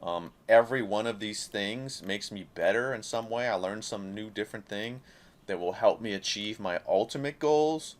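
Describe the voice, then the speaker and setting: Low-pitched guy vlogging, swears a lot, rambles on passionately. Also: normal speed. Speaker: independent creator vlogging. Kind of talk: casual talking-head monologue.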